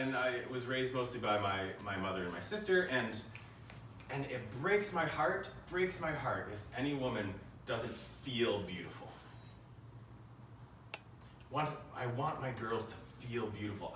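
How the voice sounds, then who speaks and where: American man, 30s, animated keynote storyteller with jokes, heard from a distance in a roomy hall with faint noise. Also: medium pitch. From United States. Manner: storytelling with jokes and playful asides. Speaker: keynote speaker. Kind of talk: humorous live keynote talk. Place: conference room.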